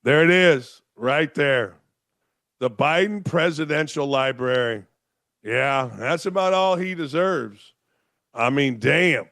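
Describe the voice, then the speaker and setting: A man's voice: a little high, animated, slow pace, fairly bright tone, no room sound, studio quality. A man hosting a sports talk show, delivering an opinionated, sarcastic monologue full of rhetorical questions. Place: home studio in Florida.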